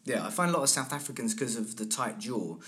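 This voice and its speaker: A man, a coach explaining his craft in a relaxed interview, often answering with quick agreeing yeahs. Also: mid-range voice. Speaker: accent and dialect coach. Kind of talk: casual interview talk.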